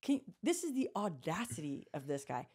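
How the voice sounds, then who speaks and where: A woman hosting a podcast, telling a work story in a blunt, profane, animated way. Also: fairly low pitch, normal speed, breathy edge. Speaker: podcast host. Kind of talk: casual storytelling chat.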